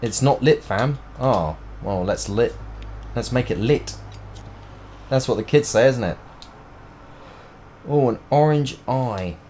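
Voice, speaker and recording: A man's voice: mid-range voice, animated, unhurried, long pauses, a little mellow, slight background noise. Chatty man streaming a game. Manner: rambling, chatty, joking. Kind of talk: casual live-stream gameplay chat.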